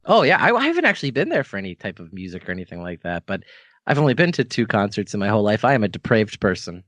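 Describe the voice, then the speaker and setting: Lively, animated podcast host guy. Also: fairly low pitch, fast, no echo. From Canada. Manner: animated, laughs often, rambling asides. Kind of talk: casual wrestling review chat.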